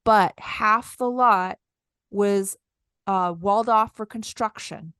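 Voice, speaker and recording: Smooth-voiced woman telling a lively story. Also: mid-range voice, slow pace, no room sound, studio quality. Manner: animated, acts out her own lines in quotes. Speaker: podcast co-host. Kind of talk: casual storytelling chat.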